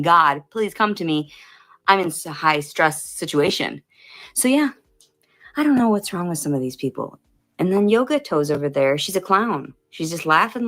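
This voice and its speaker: A woman's voice: fairly low pitch, fairly bright tone. A woman filming herself, venting in a stressed, angry rant full of swear words aimed at her viewers. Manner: swears heavily, ranting at viewers. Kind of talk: profane venting vlog.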